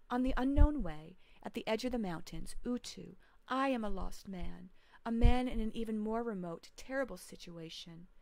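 A woman's voice: on the high side, creaky, no room sound, pitched above the performer's own voice. A woman reading as a pleading young hero. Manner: pleading, solemn recitation. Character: young male hero praying, lost and sick.

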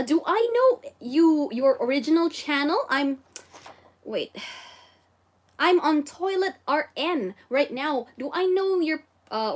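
A woman with a Filipino accent hosting a casual livestream Japanese lesson, bubbly and exclaiming often as she reads viewer comments. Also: sits high. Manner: bubbly, exclaims and giggles often, code-switches. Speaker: livestream host teaching Japanese.

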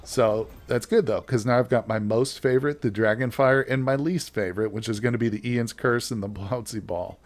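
A man's voice: medium pitch, normal speed, few pauses. A man giving casual, chatty gameplay commentary as a let's play host, joking with his viewers as he plays.

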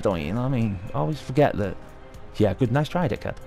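A young man giving excitable, sweary live commentary over his own hockey video game match. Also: fairly low pitch, fast, vocal fry, faint music behind. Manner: sweary, excitable, talking at the screen. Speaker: gaming video host.

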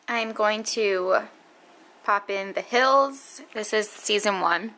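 Bright-voiced chatty young woman vlogging. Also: medium pitch, slow pace, soft background music, rough recording. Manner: chatty, filler-heavy, says "like" a lot. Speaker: lifestyle vlogger and young mother. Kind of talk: casual vlog chat to camera. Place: at home.

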